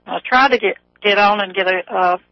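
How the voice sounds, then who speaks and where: A woman's voice: mid-range voice, fast talker, no echo. A Southern-accented woman calls in to a radio show. She rambles from point to point and laughs often. Her voice comes over a dull, dry phone line. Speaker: caller.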